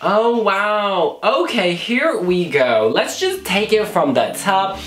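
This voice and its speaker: Lively American man in echoey room. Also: high-pitched, slow pace. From United States. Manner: animated and exclamatory, calls the viewer honey. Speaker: Eurovision blogger. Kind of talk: casual vlog reaction. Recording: roomy echo with faint music.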